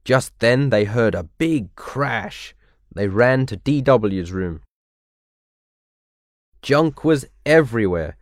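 A man reading a children's storybook aloud as narrator, gentle and expressive. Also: mid-range voice, takes it slowly, long pauses, dry recording, clean studio sound.

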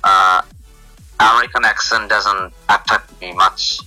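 Low-voiced Bangladeshi man on a call. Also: steady tone, a little slow, sharp tone, rough recording. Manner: hesitant, many uh fillers. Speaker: guest, police officer. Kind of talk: casual interview over a video call. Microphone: internet call. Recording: compressed online call with faint music.

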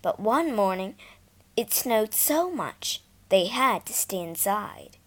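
A woman narrating a children's storybook slowly and expressively. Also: medium pitch. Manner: slow and expressive.

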